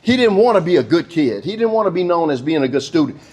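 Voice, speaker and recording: A man's voice: on the high side, big pitch swings, fast talker, a little mellow, breathy edge. A middle-aged man, a police chief telling a folksy story to an audience. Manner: folksy, addresses the crowd as y'all and baby. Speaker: police chief giving a speech.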